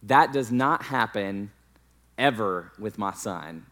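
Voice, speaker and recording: A man's voice: fairly low pitch, animated, takes it slowly, a bit bright. A man in his thirties, a pastor, telling a candid, self-deprecating personal story in a sermon.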